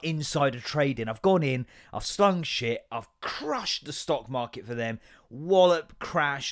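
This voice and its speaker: A man in his thirties hosting a podcast, rambling through a sweary, self-mocking comic rant. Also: mid-range voice. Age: 30s. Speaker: podcast host. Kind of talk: solo comedic rant.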